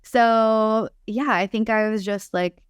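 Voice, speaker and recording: A woman in her twenties, a fitness coach and company founder, chatting casually and quickly in a podcast interview, often laughing. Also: fairly high pitch, steady tone, clear, resonant tone, dry recording, clean studio sound.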